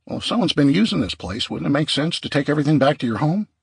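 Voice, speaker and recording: Man doing cautious wary scavenger, questioning, husky, dry audiobook read. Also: on the high side, sing-song, fast, no room sound, voice pushed up, exaggerated voice.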